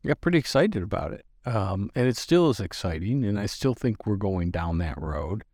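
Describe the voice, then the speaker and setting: A man in his sixties with a lowish voice tells his stories loosely and pokes fun at himself, often stopping and starting over mid-sentence. The sound is close and dry, with no room around it. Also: sing-song, normal speed, darkish tone, no echo. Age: 60s. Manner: self-deprecating, rambling, with frequent restarts. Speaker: podcast guest, business founder. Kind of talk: casual storytelling interview.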